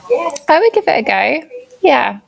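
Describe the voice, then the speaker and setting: A woman's voice: high voice, sing-song, unhurried, gravelly. A woman joining a casual podcast chat and giving short, easygoing replies.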